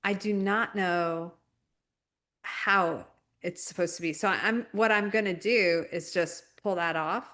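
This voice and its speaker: A woman co-hosting a casual spiritual chat podcast, talking reflectively in halting, searching phrases. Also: lowish voice, fairly bright tone. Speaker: podcast co-host.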